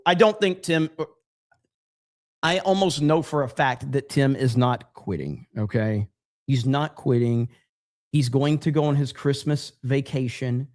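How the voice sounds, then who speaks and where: A man hosting a casual livestream, rambling sarcastically and reading out chat messages. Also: mid-range voice. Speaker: livestream host.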